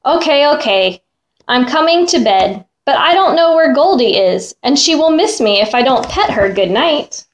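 Woman putting on an excitable little girl. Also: high-pitched, moderate pace, voice pushed up. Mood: excited.

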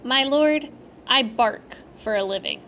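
A woman voicing a short, skinny former thief who speaks in a low, hesitant voice and breaks into dog barks. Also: big pitch swings, measured pace, sharp tone, a little hiss or hum, full character voice. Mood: sheepish.

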